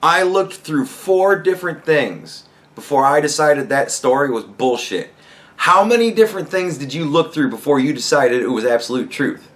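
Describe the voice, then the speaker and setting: A man's voice: fairly high pitch, lively intonation, moderate pace. Foul-mouthed young man ranting. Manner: heated, swearing, rising to shouts. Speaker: podcast host. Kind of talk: profane rant commentary.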